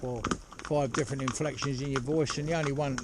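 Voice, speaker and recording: A horse trainer talking casually outdoors while driving a pony cart, rambling and chatty with lots of "you know". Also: male voice, mid-range voice, fairly even intonation, brisk. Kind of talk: casual spoken instruction while driving ponies. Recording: loud hoof clatter and outdoor noise.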